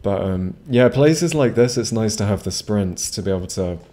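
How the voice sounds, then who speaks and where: A man's voice: fairly low pitch, expressive, moderate pace, warm tone. A man casually commenting while streaming a video game, rambling with self-mocking jokes and asides to chat. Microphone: desk microphone.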